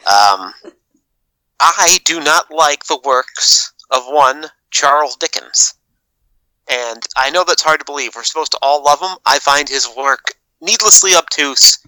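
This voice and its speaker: A man delivers a blunt, wry take on a podcast panel, his words measured and his tone sharp and very bright. The sound is dry and close. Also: a little high, no room sound, rough recording. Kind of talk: prepared opinion piece.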